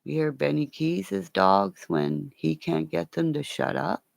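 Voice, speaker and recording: Gravelly, animated woman rambling. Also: low-pitched, measured pace. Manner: profane, rambling, talks to her pets. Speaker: vlogger. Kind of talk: rambling casual chat.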